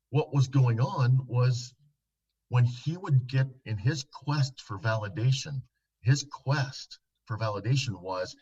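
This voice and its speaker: A man with a husky, slightly breathy voice at an ordinary middle pitch tells a counseling case story in an earnest, unhurried way. He often sinks into a soft, low tone for the tender parts. The podcast audio sounds muffled and lo-fi. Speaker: licensed counselor guest.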